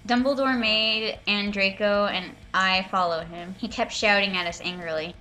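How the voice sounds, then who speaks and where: Woman, mocking dramatic reading, sarcastic commentary, bright voice, voice call. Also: medium pitch, fairly even intonation, normal speed, few pauses. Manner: sarcastic, swearing, breaks into laughter. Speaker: reader and commentator.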